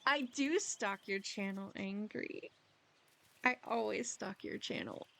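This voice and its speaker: A woman's voice: mid-range voice, takes it slowly, creaky, sharp tone, a little hiss or hum, low-quality recording. A woman live-streaming a video game, chatting casually with viewers in a rambling, giggly, self-deprecating way.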